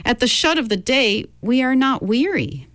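A woman's voice: a little high, sing-song, moderate pace, a bit bright, no room sound, studio quality, pitched above the performer's own voice. A woman voicing a bored would-be poet complaining that the days are long. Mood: plaintive.

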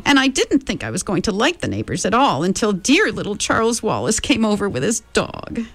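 A woman voicing an eccentric, cheerful old woman tramp with a creaky voice like an unoiled gate, drawn out and fond. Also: medium pitch, sing-song, faint music behind, voice pushed up. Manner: fond, chattering, slow and drawn out.

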